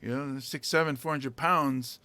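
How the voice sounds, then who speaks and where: A man from Hawaii hosting a casual comedy podcast chat, animated and quick to laugh. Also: mid-range voice, a crowd in the background.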